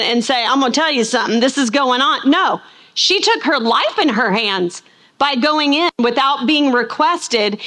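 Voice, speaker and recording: A middle-aged woman teaching a Bible lesson, telling stories and acting out the people she quotes. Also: sits high. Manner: animated storytelling, acts out quoted voices. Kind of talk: sermon.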